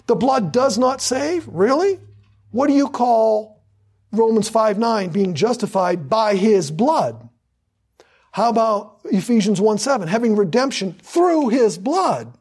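A man's voice: sits high, animated, takes it slowly, a little mellow, slightly rough. A man preaching a sermon with fervor, hammering points through repetition and drawing out scripture for emphasis.

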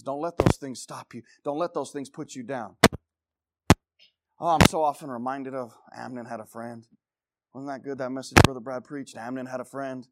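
A man preaching a sermon with passion, swinging from loud exhortation to low intensity and repeating phrases for emphasis. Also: very noisy.

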